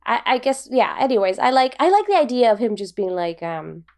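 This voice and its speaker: A woman's voice: a little high, very animated, quick pace, darkish tone. A woman co-hosting a podcast in casual chat. She talks in a giggly, rambling way with lots of fillers. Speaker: podcast co-host.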